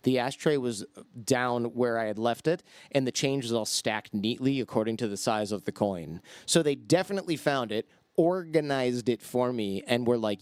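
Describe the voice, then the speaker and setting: Smooth-voiced man telling animated stories. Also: mid-range voice, normal speed, no room sound. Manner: animated anecdotes with quoted voices. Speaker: podcast guest. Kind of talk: casual storytelling.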